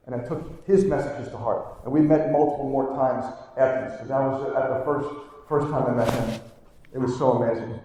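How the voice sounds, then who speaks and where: A middle-aged pediatric chiropractor delivers a keynote live on stage in a large conference hall, telling earnest stories and repeatedly asking the crowd "right?" His medium-pitched voice is brisk and mellow, with fairly even intonation. The distant mic picks up a very echoey hall and slight background noise.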